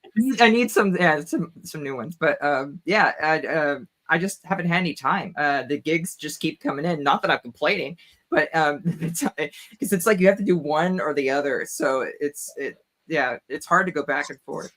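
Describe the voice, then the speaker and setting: A woman's voice: low-pitched, moderate pace. Laid back woman co-hosting a podcast, kinda hesitant, lots of ums. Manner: relaxed, hesitant with fillers. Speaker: podcast co-host. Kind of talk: casual chat.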